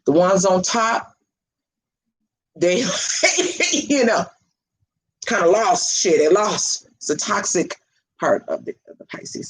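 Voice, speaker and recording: A woman's voice: deep voice, slightly rough, rough recording. A woman spiritual reader chatting casually on a livestream, rambling and laughing often, with casual swearing.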